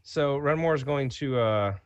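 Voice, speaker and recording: A man's voice: medium pitch, measured pace, no room sound, lo-fi sound. A man playing a tabletop role-playing game, describing his character's moves and checking rules. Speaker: player.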